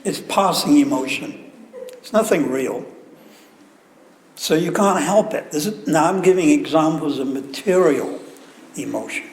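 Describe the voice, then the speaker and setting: Male guru, sermon, unhurried, wry asides; roomy echo with faint ambience behind. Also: a little high, expressive, a little hiss or hum. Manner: conversational storyteller, joking asides. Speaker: visiting guru giving a talk. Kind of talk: sermon with anecdotes. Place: temple hall. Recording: echoey hall, faint room ambience.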